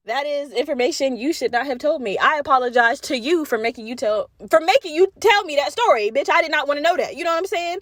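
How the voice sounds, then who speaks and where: High-voiced woman telling a profane story. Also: brisk, dry recording, studio quality. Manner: animated, profane, acts out quoted voices. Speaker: podcast host. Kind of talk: solo podcast storytelling.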